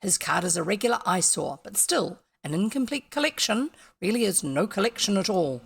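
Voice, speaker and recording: A woman's voice: mid-range voice, expressive, fairly quick, vocal fry, breathy edge. A woman reading a grumpy male game villager's lines aloud without putting on an accent. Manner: read aloud from on-screen dialogue, no accent attempted.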